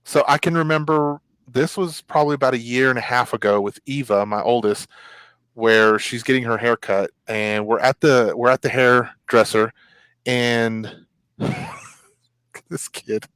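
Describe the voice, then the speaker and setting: A man hosting a casual chat show, telling stories in an animated way. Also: medium pitch, measured pace, clear, resonant tone, no room sound, low-quality recording. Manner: animated storyteller. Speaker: host.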